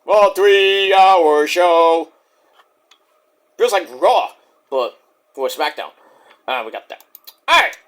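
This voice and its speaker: A man hosting a casual, profane wrestling review, jokey and animated, who keeps breaking into impressions. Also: medium pitch, a little slow, long pauses. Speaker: wrestling reviewer, channel host.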